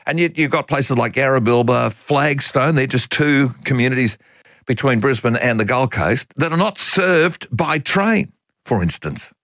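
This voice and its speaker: A man's voice: mid-range voice, normal speed, no room sound. An older Australian man hosting talkback radio, talking in a folksy, opinionated and exasperated way. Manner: animated, exasperated, folksy opinionated talk with laughs.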